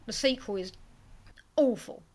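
A woman's voice: a little high, a little slow, darkish tone. A woman co-hosting a casual film podcast, chatty and self-mocking as she reads out listener comments. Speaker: podcast co-host.

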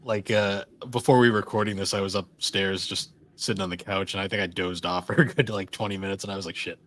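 Low-voiced male co-host, loose rambling podcast banter. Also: fairly even intonation, quick pace, a bit bright. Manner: rambling, filler-heavy, laughs often. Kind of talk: casual chat.

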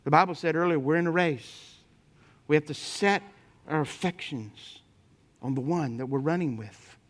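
A man preaching a sermon, telling humorous personal stories to his congregation and swinging between loud emphatic points and quiet asides. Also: a little high, normal speed. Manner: lively storytelling with humor, speaking to the congregation. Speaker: pastor.

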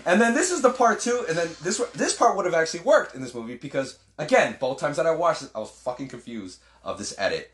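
A man chatting casually about a movie, animated, swearing often and acting out lines. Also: on the high side, fast, few pauses, faint music behind. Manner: animated, swears a lot, acts out film lines. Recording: roomy echo.

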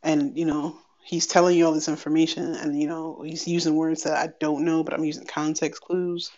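A woman giving a candid personal update on her podcast, chatty and wry, acting out bits of a conversation in quick animated bursts. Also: deep voice. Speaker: podcast host. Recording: slightly dull lo-fi sound.

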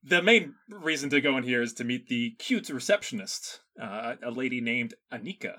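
A man's voice: mid-range voice, animated, normal speed, bright, forceful tone. A man co-hosting a podcast, recapping a movie in a casual chat, laughing often and restarting his sentences. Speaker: podcast co-host.

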